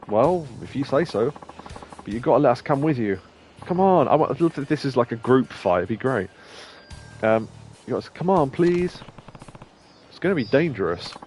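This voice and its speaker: A man's voice: mid-range voice, a little mellow, a little hiss or hum. A young man streaming a game, reading its dialogue aloud between rambling, chuckling asides. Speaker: let's play streamer. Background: faint game music.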